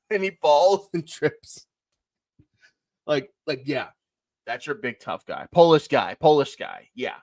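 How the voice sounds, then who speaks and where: A man's voice: fairly high pitch, sing-song, slow pace, long pauses, a little mellow, no echo. A man co-hosting a live stream, talking casually and rambling to his viewers. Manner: rambling, chatty, laughs often.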